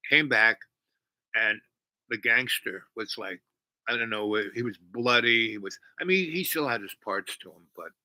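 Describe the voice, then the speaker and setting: A man's voice: on the low side, sharp tone, no room sound, poor audio. A man hosting a long stream, telling a meandering story full of asides and restarts. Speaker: livestream host. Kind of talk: rambling storytelling.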